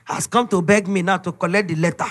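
A middle-aged woman with a Nigerian accent, giving an emphatic, animated preaching testimony. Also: lowish voice, quick pace. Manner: storytelling, emphatic, animated retelling.

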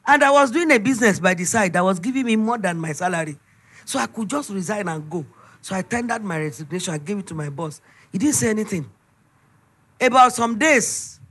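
A middle-aged woman with a Nigerian accent, giving an emphatic, animated preaching testimony. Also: mid-range voice, brisk. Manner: storytelling, emphatic, animated retelling.

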